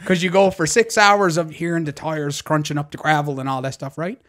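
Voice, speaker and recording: A man's voice: fairly high pitch, brisk. A man in his twenties from Labrador with a Newfoundland and Labrador accent, co-hosting a podcast and telling a story with laughs and plenty of swearing. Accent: Newfoundland and Labrador English. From Labrador, Canada. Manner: animated, laughing, swearing yarn-teller. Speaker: podcast co-host. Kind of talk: casual storytelling chat.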